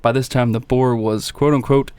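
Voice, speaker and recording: A man's voice: medium pitch, steady tone, moderate pace, darkish tone, smooth, dry recording. A man co-hosting a casual podcast, reading out news items and reacting bluntly with lots of swearing. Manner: profane, blunt, reads news items aloud. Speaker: podcast co-host. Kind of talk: casual chat.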